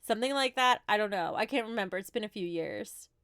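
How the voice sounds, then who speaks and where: Woman, thirties, New Jersey accent, relaxed livestream chat, dry close sound. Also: medium pitch, fast, smooth, no room sound. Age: 30s. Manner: chatty, answers viewer questions with frequent light laughs. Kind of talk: casual livestream Q&A.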